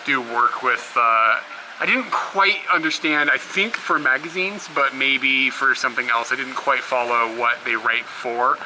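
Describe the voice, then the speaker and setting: Speaking at a measured pace in a medium-pitched voice, a young man vlogs about his travels outdoors near roads and rest stops. He rambles with fillers and laughs often, while the camera audio catches obvious traffic.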